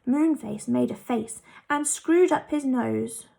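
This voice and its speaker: A woman reading a children's book chapter aloud in a lively, expressive way. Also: sits high, takes it slowly, gravelly. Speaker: storyteller.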